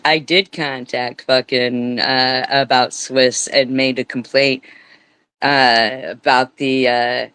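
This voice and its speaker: A woman streamer rambles through live commentary, swearing freely and stacking repeated words for emphasis. She speaks slowly, with a smooth, clean tone. The sound is dry and close, with no room echo. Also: extremely low pitch, steady tone, fairly bright tone.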